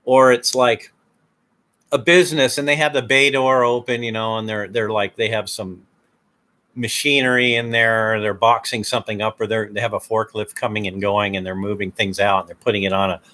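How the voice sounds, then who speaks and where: A man's voice: on the low side, bright, forceful tone. Hesitant man rambling casually. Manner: hesitant, many fillers and restarts. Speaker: video host.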